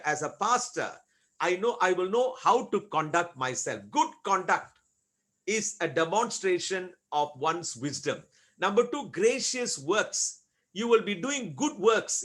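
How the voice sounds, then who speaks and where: Man, pastor, sermon, rhetorical questions, deliberate emphasis, animated intonation. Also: high-pitched. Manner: preaching with repetition and rhetorical questions; slow, deliberate emphasis on key words.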